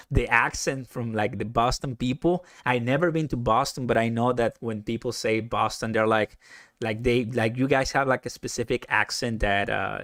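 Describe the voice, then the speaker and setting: Chatty excitable man on a dry mic. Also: mid-range voice, no room sound. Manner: chatty, excitable, laughs often, reads viewer comments aloud. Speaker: live stream host. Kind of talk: casual live stream chat.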